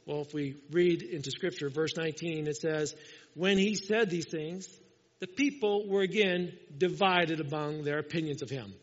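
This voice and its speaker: A man preaching a sermon as pastor, telling the story in a lively way and acting out the lines he quotes. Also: fairly high pitch, normal speed. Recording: muffled, with long hall reverb.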